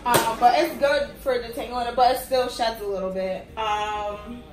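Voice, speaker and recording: A woman's voice: on the high side, fairly even intonation, moderate pace. Blunt, cursing young woman ranting in a roomy space. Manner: blunt, profane, exasperated complaining. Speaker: wig reviewer. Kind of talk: casual product review. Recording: roomy sound from a distant mic with music behind.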